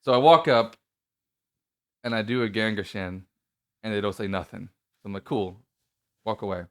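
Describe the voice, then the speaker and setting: A man's voice: fairly low pitch, fairly quick, smooth, no room sound, clean studio sound. A male podcast host telling a story in casual chat, nervous and rambling, with many restarts and a voice that cracks.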